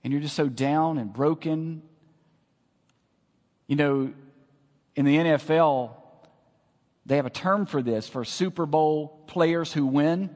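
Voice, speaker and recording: A man preaching a sermon, swinging from hushed lines to loud calls and asking the congregation to repeat after him. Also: a little high, takes it slowly, pauses often, in a large hall.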